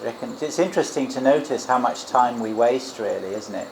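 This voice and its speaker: A man's voice: mid-range voice, a little fast, gravelly, a little hiss or hum. Musing male monk with echoey crickets. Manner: gentle, musing, frequent restarts and asides. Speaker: Buddhist monk teacher. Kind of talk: informal dharma talk and guided meditation. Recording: echoey room with loud crickets. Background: crickets and insects.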